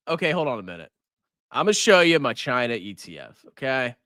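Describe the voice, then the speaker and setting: Animated, sarcastic male finance streamer. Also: medium pitch, normal speed, long pauses, no echo, studio quality. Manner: sarcastic, mocking, excitable. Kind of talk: casual livestream commentary.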